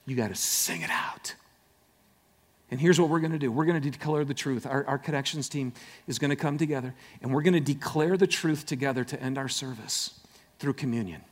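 A man preaching a sermon as pastor, swinging from loud emphatic lines to hushed, near-whispered ones. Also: medium pitch, brisk.

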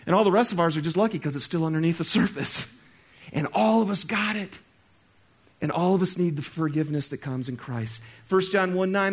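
A male pastor with a notably high voice delivers a conversational sermon. He talks straight to his listeners, one moment loud and exclaiming, the next soft and hushed. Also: a little fast.

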